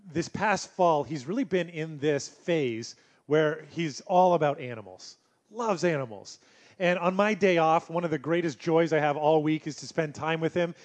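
A male pastor delivering a sermon in a conversational, storytelling way with gentle humor. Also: fairly high pitch.

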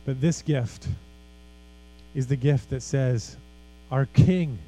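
A man's voice: medium pitch, fairly even intonation, takes it slowly, warm tone, slight background noise, poor audio. A man preaching a sermon as pastor, earnest and emphatic, with casual conversational asides.

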